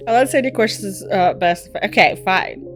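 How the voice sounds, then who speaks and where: A young woman streaming a game, chatting casually and excitably, swearing and laughing often. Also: mid-range voice. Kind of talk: casual gameplay chat.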